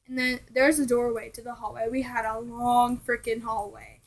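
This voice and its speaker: A chatty young woman tells ghost stories straight to her viewers in a casual vlog. Her voice sits a little high, and she keeps the telling animated while slipping into hushed asides now and then. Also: normal speed, rough recording. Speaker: vlogger.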